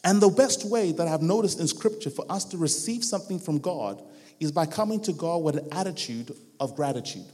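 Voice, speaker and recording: A man preaching a sermon in a church, his fairly high voice ringing out in a long hall reverb. He builds each point through rhythmic repetition and slips into the voices of the people he quotes. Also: expressive, fairly quick, darkish tone. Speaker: guest preacher. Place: church hall with a live band.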